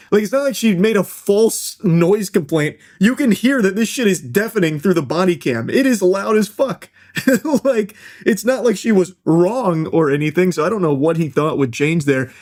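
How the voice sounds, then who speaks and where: Deadpan sarcastic man doing commentary. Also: high-pitched. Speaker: commentary host. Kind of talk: crude comedic commentary.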